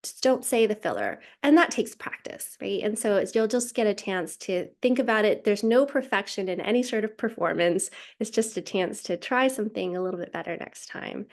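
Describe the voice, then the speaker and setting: A woman's voice: medium pitch, lively intonation, moderate pace, few pauses. A woman presenting a science communication webinar in a casual, chatty way with frequent fillers, speaking over a video call.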